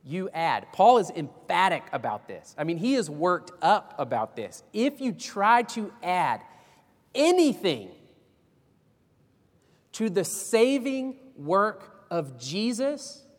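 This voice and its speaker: A man's voice: high-pitched, sing-song, slow, big-room sound. A man preaching a sermon as pastor, folksy and emphatic, with homespun illustrations.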